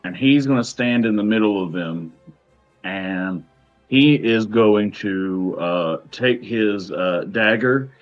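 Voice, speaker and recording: A man running a tabletop game as game master, talking in a hesitant way with many fillers and pauses. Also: on the low side, faint music behind. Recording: dull lo-fi recording.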